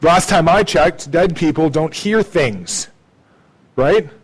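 This pastor's husky voice comes through a rough recording as he preaches slowly with lively intonation. His sermon is conversational, punctuated by "okay?" and "right?", and it shifts between hushed low asides and loud, emphatic lines.

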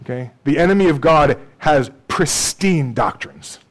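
A man's voice: on the high side, expressive, a little slow. A man preaching a sermon in a conversational way, often checking in with "okay?" and "right?".

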